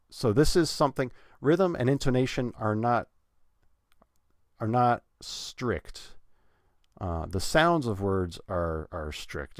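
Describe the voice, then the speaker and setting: A man teaching English pronunciation in a relaxed way, thinking aloud with fillers and repeating example sentences with stressed words stretched out. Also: sits low, no room sound, clean studio sound. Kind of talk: relaxed instructional talk.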